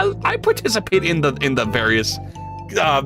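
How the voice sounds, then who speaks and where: A man's voice: huge pitch swings, moderate pace, fairly bright tone, soft background music. Guy streaming his code, swears a lot, rambles and jokes with chat, voice swings up and down all over. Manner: profane, rambling and jokey, with big pitch swings. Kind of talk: casual coding livestream chat.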